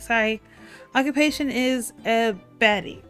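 A woman's voice: a little high, lively intonation, normal speed, fairly bright tone. A young adult woman streamer giving blunt, exasperated commentary while playing and reading a game aloud. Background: faint game music.

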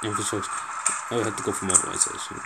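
A man's voice: on the low side, flat delivery, fast talker, gravelly. Exasperated man with a hissy background. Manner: exasperated, pleading, swears often. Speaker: gameplay commentator. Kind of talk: casual let's-play commentary.

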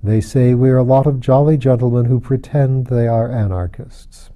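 A man voicing a grave, melancholy male anarchist secretary who speaks with flat, lifeless civility. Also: medium pitch, moderate pace, dull audio, close to an everyday voice. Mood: dead calm.

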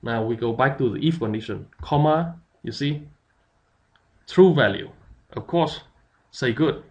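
A man's voice: medium pitch, unhurried, darkish tone, lo-fi sound. A man giving a tutorial, explaining step by step with many fillers. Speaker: instructor. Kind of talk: screen-recorded software tutorial.

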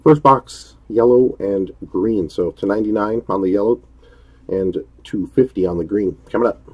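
A man's voice: on the low side, normal speed, darkish tone, breathy edge, highs cut off. A man hosting a live-streamed trading card break, chatty and upbeat, greeting viewers by name as he opens packs.

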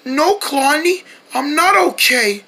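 A woman voicing a gentle male pet cat who talks in a soft, slow, mournful way. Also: high-pitched, lively intonation, heavily acted. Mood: hurt. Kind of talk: children's cartoon voice acting.

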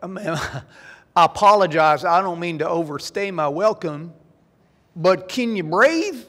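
A man voicing a slow, overly polite country man in a bar, with a drawling Kentucky accent, recorded in a large conference hall. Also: high-pitched, lively intonation, a bit bright, voice pushed up. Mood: politely hesitant. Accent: Southern US, Kentucky. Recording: long reverb of a hall.

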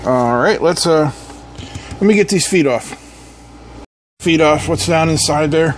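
A man with a slightly high voice walks through a gadget teardown in a casual, hands-on way. He reads labels aloud and tosses in dry, sarcastic asides. A faint hiss sits under the voice. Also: expressive, a little slow, pauses often. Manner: wry, sarcastic asides and hums. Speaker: electronics teardown host.

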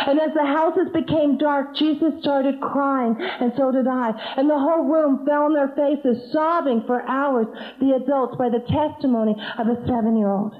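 A woman preacher telling stories in a sermon, emotional, her voice often breaking as if near tears. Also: high voice. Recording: tinny phone-like sound.

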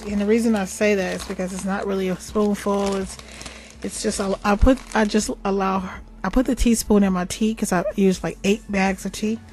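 An older woman hosting a casual craft tutorial, chatty and rambling, with self-affirmations and the odd soft whisper. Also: mid-range voice, fairly even intonation, brisk, faint music behind. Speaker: craft and magic video host.

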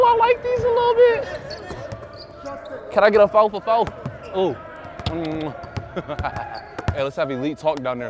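A young man and college basketball player, wearing a body mic in a gym, keeps up loud, playful hype and trash talk during practice. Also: on the high side. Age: young adult. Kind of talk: mic'd up practice chatter. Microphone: body-worn mic. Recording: busy gym with players around. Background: teammates calling out and balls bouncing.

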